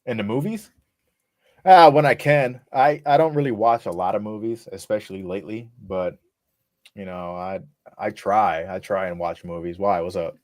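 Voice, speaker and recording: Laid-back low-voiced man, dry sound. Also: moderate pace, no room sound. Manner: relaxed, laid-back, swears casually. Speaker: rapper guest. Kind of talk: casual podcast interview.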